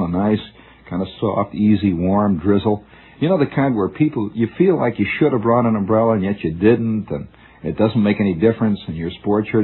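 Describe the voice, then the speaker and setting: A man with a husky, fairly low voice tells a rambling, musing story as a radio monologue. His delivery is discursive and he restarts often. The recording has the tinny sound of an old radio broadcast.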